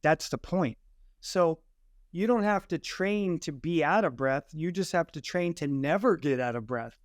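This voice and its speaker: Assertive man explaining breathing, smooth voice. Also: on the high side, measured pace, no echo, clean studio sound. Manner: assertive, declarative teaching. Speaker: guest breathing coach. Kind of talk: explanatory interview answers.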